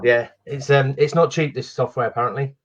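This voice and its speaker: A man's voice: medium pitch, fairly even intonation, fairly quick, lo-fi sound, slight background noise. A man co-hosting a casual live-stream podcast, easygoing, with short replies and laughs along with his partner. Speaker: podcast co-host.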